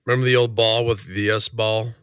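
A man with a stuffy head cold, chatting easygoing on a podcast, his voice drifting softer at the ends of lines. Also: lowish voice, steady tone, a little fast, clean tone, no room sound, studio quality. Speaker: podcast co-host. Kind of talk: casual chat.

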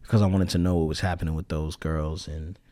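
A man co-hosting a casual couples podcast, relaxed and teasing, often restarting his sentences. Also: extremely low pitch, fast, no room sound. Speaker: podcast co-host. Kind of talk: casual chat.

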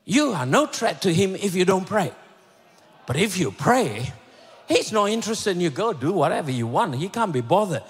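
A high-pitched, husky-voiced man preaches with fervor, his pitch swooping widely as he shouts and then drops to a near hush. The long reverb of a big church hall trails behind every phrase. His delivery is heated and rhythmic. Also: sing-song, normal speed. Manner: impassioned, shouting builds and sudden drops to a hush. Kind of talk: sermon.

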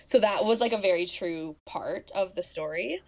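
A young woman co-hosting a podcast, retelling a film's plot in casual chat, animated and full of "like" fillers, laughing often. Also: lowish voice, normal speed. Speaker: podcast co-host. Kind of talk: casual movie recap chat.

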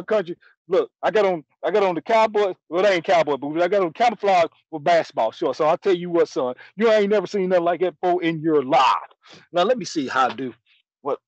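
Man putting on a high, hollering backwoods blowhard with a drawl; slightly muffled, dry sound. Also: no echo. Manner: brash, rambling, hollering. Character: loud boastful backwoods country man, grown. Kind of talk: comedy character monologue.

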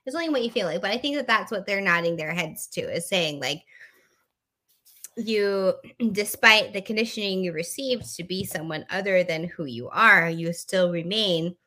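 Bright-voiced woman reading tarot cards. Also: medium pitch, moderate pace. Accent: Midwestern American put-on. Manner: playful, giggly, slips in and out of a put-on Midwestern mom voice. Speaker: podcast co-host reading tarot. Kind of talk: casual chat.

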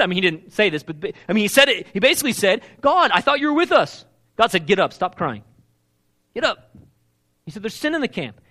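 A man preaching a sermon, asking the congregation questions and acting out the lines he quotes. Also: very high voice. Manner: animated, asks the crowd questions, acts out quoted lines.

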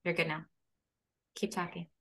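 A woman's voice: fairly low pitch, flat delivery, moderate pace, pushed and bright. A woman hosting a parenting podcast, speaking in an encouraging, upbeat way over a video call. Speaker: podcast host and parenting coach.

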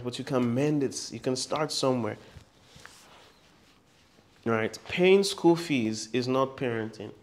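A male pastor delivers a sermon in an emphatic, repeating style. His voice sits at an ordinary middle pitch for a man. He slips easily into humorous storytelling asides between his points.

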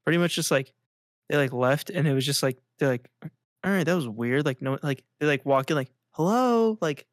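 A man's voice: mid-range voice, brisk, no echo, clean studio sound. A man co-hosting a podcast in casual chat, rambling and filling nearly every phrase with "like". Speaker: podcast co-host.

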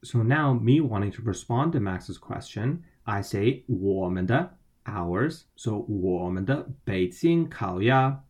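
A man's voice: on the low side, expressive, slow, a little mellow. A man co-hosting a language lesson, patiently explaining Mandarin phrases and spelling out each syllable. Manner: patient, spells out pinyin letter by letter. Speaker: language podcast co-host.

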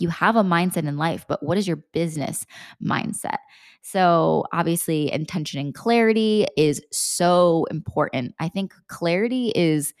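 Young mom coach woman, low voice, dry close sound, earnest and a bit sweary. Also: gravelly, a little mellow, no room sound. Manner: earnest, repeats questions, casual swearing. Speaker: mindset coach for mothers. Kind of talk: motivational talk.

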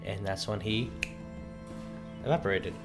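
Slow, halting male game master. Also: on the low side, steady tone, over music. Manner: slow, halting narration with many pauses. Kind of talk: recapping a tabletop game session.

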